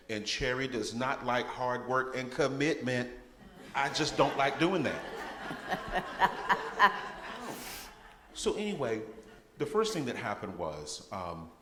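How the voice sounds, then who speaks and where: A man's voice: fairly low pitch, fairly bright tone. A man giving a guest testimony at a church service, telling his story with humor and laughter. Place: church sanctuary. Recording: echoey church hall.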